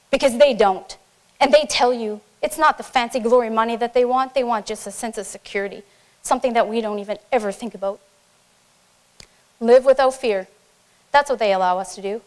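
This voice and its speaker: A woman's voice: high-pitched, clear, resonant tone. A woman, a military officer, giving an earnest, impassioned speech to a conference audience and repeating phrases for emphasis.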